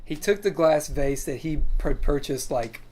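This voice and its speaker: A man's voice: a little high, expressive, moderate pace, a little mellow. A young man casually recounting a film shoot, rambling with many fillers and restarts. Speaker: crew member recounting a shoot. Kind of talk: casual storytelling chat.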